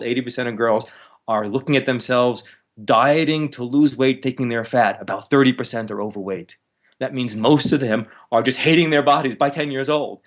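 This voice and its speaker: A man, a counselor, talks as an interview guest, explaining with lively energy, laughing now and then and acting out harsh inner voices. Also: mid-range voice. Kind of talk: explanatory conversational talk.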